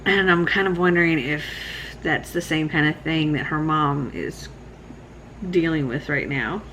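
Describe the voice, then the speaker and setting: A woman in her thirties giving a relaxed, rambling late-night book vlog check-in, sounding sleepy. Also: sits low, a little slow, slight background noise, poor audio. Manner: relaxed, rambling, laughs often. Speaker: book vlogger.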